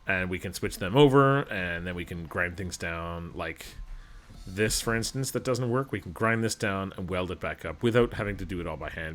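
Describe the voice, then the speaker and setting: A man's voice: low voice, normal speed, fairly bright tone. Rambling, self-mocking man from Alberta. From Alberta, Canada. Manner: rambling, self-deprecating, chatty. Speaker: gaming channel host. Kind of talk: casual gameplay commentary.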